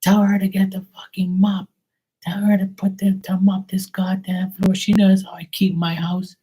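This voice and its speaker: A man's voice: sits high, monotone, normal speed, dark tone, husky, pitched above the performer's own voice. A man voicing the angry spirit of a dead mother who scolds her daughter about housework, ranting and swearing in a raised voice. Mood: furious scolding.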